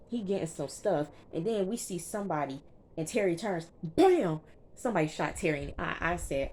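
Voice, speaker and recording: A woman giving a casual, animated recap of a TV episode, talking straight to her viewers and checking in with them often. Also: lowish voice, slight background noise. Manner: chatty and animated, keeps checking in with listeners. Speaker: TV reviewer.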